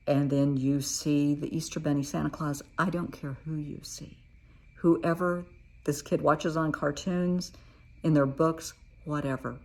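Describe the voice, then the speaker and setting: A middle-aged woman therapist calmly teaching coping steps, reassuring and sometimes acting out playful examples. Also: low voice, husky. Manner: calm, reassuring, demonstrates with playful voices.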